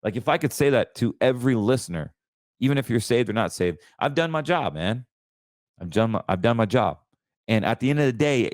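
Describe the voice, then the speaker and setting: A man's voice: medium pitch, lively intonation, moderate pace, no echo, clean studio sound. A middle-aged man hosting a podcast, talking casually, candid and emotional, fervent about his faith. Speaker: podcast host. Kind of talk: casual personal talk.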